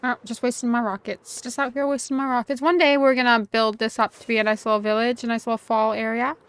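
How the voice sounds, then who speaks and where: Chatty woman streamer, higher voice. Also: little pitch movement, quick pace, fairly bright tone, smooth. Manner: chatty, self-mocking, talks to the game characters. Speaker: game streamer. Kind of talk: casual chat while playing a game. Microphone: desk USB microphone.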